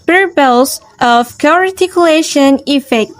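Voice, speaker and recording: Slow, careful high-voiced young woman. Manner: slow careful reading with drawn-out example words. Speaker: student presenter. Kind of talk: reading a class presentation.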